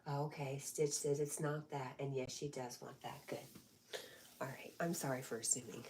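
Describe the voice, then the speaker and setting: Low-pitched lady doing a chatty livestream, reads comments out, baby-talks her dog. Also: fairly even intonation, moderate pace, darkish tone, slight background noise. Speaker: livestream host. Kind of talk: casual livestream chat.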